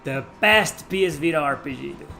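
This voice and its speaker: A man doing live gameplay commentary, chatting with viewers, swearing and shouting at the game. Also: on the high side, expressive, a little fast, gravelly, faint music behind. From Mexico. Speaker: gaming streamer.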